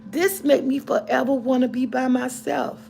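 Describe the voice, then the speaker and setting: A woman's voice: sits high, steady tone, moderate pace, creaky, a little mellow, slight background noise. A middle-aged woman vlogger telling a personal story to camera in a casual, heartfelt, rambling way, often restarting and repeating herself.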